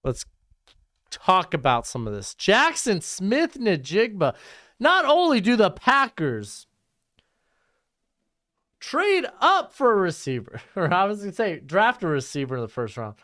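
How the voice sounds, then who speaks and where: A man's voice: fairly high pitch, a bit bright. A young man hosting a live-streamed mock draft, talking casually and bluntly and mocking bad trades.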